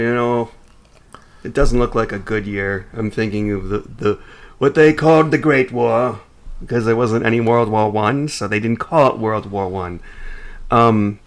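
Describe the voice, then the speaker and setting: A man co-hosting a podcast in casual chat, animated and jokey, often trailing off and restarting his sentences. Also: fairly low pitch. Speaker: podcast co-host.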